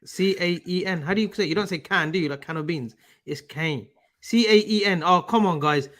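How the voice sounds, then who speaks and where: Animated man talking football on a stream. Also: high voice, fast talker. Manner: animated, banters and argues over pronunciation. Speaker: co-host. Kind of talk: casual live-stream chat.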